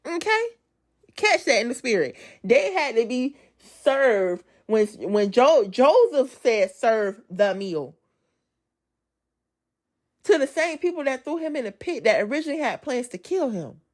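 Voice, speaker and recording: A woman gives an amped-up devotional testimony. She talks casually to her listeners as y'all and swings between loud emphasis and soft asides. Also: sits high, sing-song, normal speed. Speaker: speaker giving a devotional testimony. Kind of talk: preachy devotional talk.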